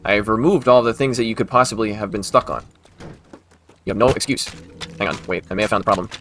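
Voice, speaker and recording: A man's voice: fairly low pitch, quick pace, fairly bright tone, a little hiss or hum. A man casually commentating his own gameplay, talking to the game and breaking into exasperated outbursts. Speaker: gaming video host.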